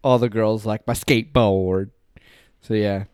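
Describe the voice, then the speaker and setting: A man's voice: lowish voice, steady tone, measured pace, darkish tone, clean tone, no room sound, clean studio sound. A man hosting a casual comedy podcast, rambling and laughing easily. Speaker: podcast host.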